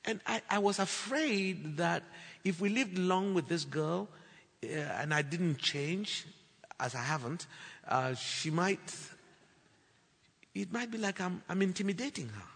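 Gravelly husky preacher man in a reverberant hall. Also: high-pitched, expressive, unhurried. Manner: storytelling, acts out dialogue, rising to loud declarations. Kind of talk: sermon testimony.

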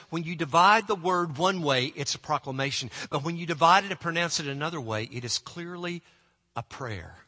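A man preaching a sermon, earnest and emphatic, slowing down and dropping to a hushed, prayerful tone at times. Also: on the high side, big-room sound.

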